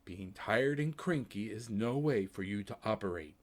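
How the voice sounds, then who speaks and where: A man voicing a ghostly woman's face in an orb who speaks softly and gently scolds. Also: on the low side, expressive, normal speed, close to an everyday voice. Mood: scolding.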